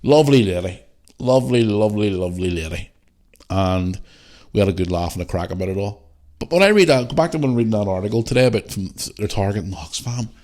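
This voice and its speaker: Ranting on his podcast, a man from Northern Ireland is blunt, animated, and heavy on the profanity. He speaks fast in a lowish, slightly mellow voice.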